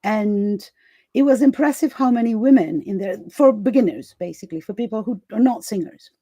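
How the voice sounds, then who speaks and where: Over a video call, a summit host keeps a live chat casual and laugh-filled, with plenty of fillers and restarts. She speaks briskly in a mellow, medium-pitched voice, and there's no echo.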